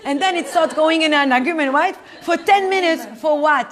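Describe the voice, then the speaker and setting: A woman teaching a lively class to a live audience, who acts out quoted spouses in higher voices and laughs often. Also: moderate pace.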